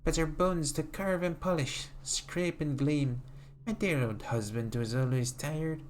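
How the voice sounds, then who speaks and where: A streamer voicing a sweetly sinister old grandmother, reading slowly in a doting, sing-song manner from a desk mic at home. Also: on the high side, a little mellow, slight background noise, natural voice. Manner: slow, sing-song, doting "dearie" refrain. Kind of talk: reading a game note aloud in character.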